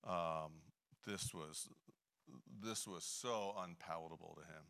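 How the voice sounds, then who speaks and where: Middle-aged male preacher, deep but bright, folksy and conversational. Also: slow. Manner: chatty, many "you know" fillers, frequent throat clearing. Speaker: Bible teacher. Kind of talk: conversational sermon with a personal story.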